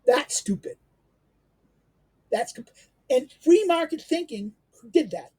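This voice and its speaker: A man's voice: very high voice, very animated, unhurried, warm tone, no echo. A man giving an unscripted lecture, rambling and emphatic, with many fillers and restarts.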